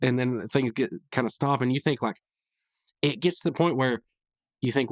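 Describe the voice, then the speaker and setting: A man's voice: mid-range voice, moderate pace, pauses often, no echo. A male podcast host rambling casually through a recap of a cartoon episode, with lots of restarts. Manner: rambling, with many restarts and fillers.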